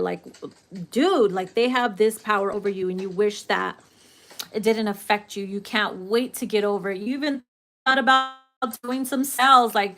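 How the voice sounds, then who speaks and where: A woman giving a casual tarot reading, brash and profane, theatrical and quick to laugh. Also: medium pitch, steady tone, a bit bright. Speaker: tarot reader.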